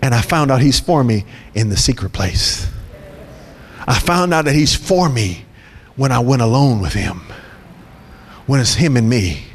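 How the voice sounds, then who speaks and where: A man's voice: mid-range voice, creaky, slightly rough, long reverb tail. A male pastor preaching a sermon with emphatic delivery and repeated phrases.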